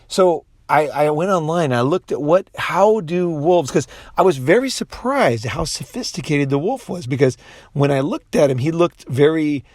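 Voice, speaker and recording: A man's voice: a little high, a little mellow, no echo, clean studio sound. A man in a casual, profane monologue who rambles, restarts often and puts on voices when he quotes people. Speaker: commentator.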